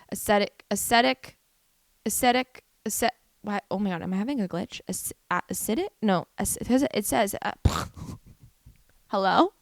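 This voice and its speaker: A chatty young American woman hosting her own podcast, her voice at a middle pitch. She reads facts aloud and trips over words with little giggles. The sound is dry and close. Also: no echo. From United States. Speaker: podcast host. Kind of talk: casual solo podcast chat.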